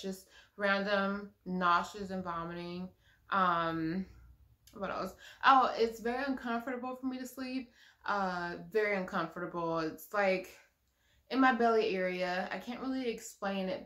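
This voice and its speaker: Young woman, casual vlog chat, rambling with ums, mid pitch, roomy echo. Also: fairly bright tone. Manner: chatty, rambling, self-correcting with many ums. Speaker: vlogger.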